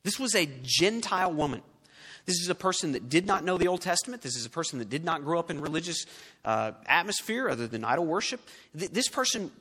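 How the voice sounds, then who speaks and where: A male pastor preaching a sermon, swinging from loud, emphatic lines to hushed, quiet ones. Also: high-pitched, slightly rough. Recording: long hall reverb.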